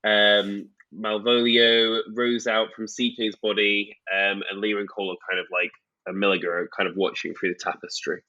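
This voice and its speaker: Lower-voiced man on dull lo-fi audio. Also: flat delivery, normal speed, pushed and bright. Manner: loose, filler-heavy retelling with many ums. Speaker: podcast co-host. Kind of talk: casual book-recap chat.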